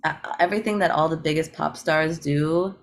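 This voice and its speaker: A US eco-rapper, interviewed as a guest, speaks a little fast in a low-pitched voice. Her manner is casual and upbeat, with frequent laughter and many fillers.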